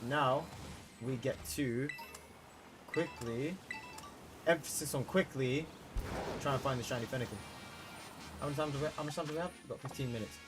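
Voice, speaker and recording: A young man streaming a game live, talking to his chat and repeating himself as he gets worked up. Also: mid-range voice. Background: background music.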